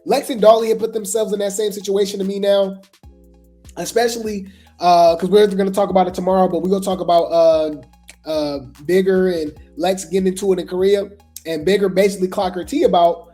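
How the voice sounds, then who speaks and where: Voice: medium pitch, fairly even intonation, a little fast, warm tone, faint music behind. A host giving casual gossip commentary, chatty and trailing off with repeated asides.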